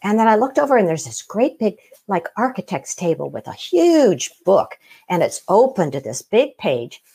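Husky, animated middle-aged woman. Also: mid-range voice, moderate pace. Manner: animated, laughs often, acts out quoted voices. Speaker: interview guest. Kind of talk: personal story in conversation.

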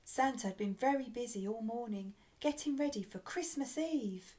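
Woman softly reading a children's storybook. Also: fairly high pitch, moderate pace, few pauses. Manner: expressive, dropping to a soft hush on speech tags. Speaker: storybook reader. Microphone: computer webcam.

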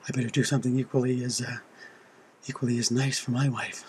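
A man voicing a tribal chief in a told joke, speaking plainly and haltingly. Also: medium pitch, little pitch movement, a little mellow, a little hiss or hum, natural voice. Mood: earnest. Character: tribal chief, a grown man trying to match his hosts.

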